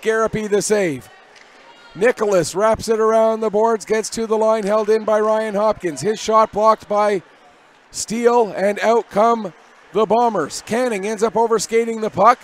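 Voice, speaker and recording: A man doing live hockey play-by-play commentary from above the ice, with rapid, energetic calls that rise on big plays. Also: high-pitched. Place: arena broadcast position above the ice.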